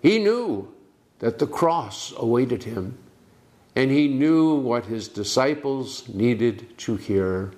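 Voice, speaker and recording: A man preaching a sermon, with slow, deliberate delivery, dramatic pauses and emphatic words. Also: mid-range voice.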